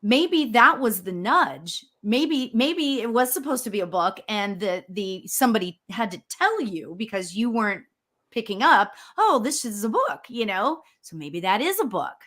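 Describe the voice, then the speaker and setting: A middle-aged woman, a spiritual medium, hosting a casual chat, animated and quick to laugh. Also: a little high. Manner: animated, laughs often, squeals when excited. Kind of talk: casual chat on a live show.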